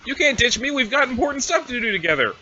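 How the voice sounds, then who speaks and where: Man voicing a teen troll girl, teasing, overexcited, bright, dull lo-fi sound. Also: very high-pitched, big pitch swings, fast talker, heavily acted. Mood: eager. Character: smug playful teenage alien troll girl. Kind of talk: reading a webcomic aloud with voices.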